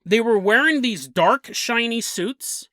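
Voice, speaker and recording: A rattled sailor spilling out his strange story, as a podcast host plays him in passing. The voice stays bright and everyday, recorded dry and up close. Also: very high voice, lively intonation, slow pace, dry recording, exaggerated voice. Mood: recounting. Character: shaken male sailor recounting his ordeal.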